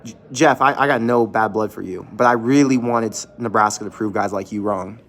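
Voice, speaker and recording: A man's voice: lowish voice, a little fast, fairly bright tone. A man hosting a fan channel livestream, venting candidly with casual swearing from an empty closed restaurant.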